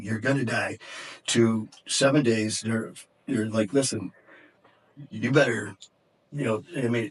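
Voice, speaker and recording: A man's voice: medium pitch, slightly rough. A middle-aged man and podcast guest telling an intense, emotional story in conversation, profane and at times choked up. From Detroit area, USA.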